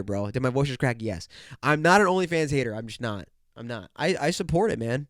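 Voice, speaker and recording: Speaking into a podcast microphone, a young host rambles and jokes through a casual solo chat, swearing a lot and sounding congested and nasal. His mid-range voice is fairly quick with lively intonation and a bit of brightness, recorded dry in studio quality.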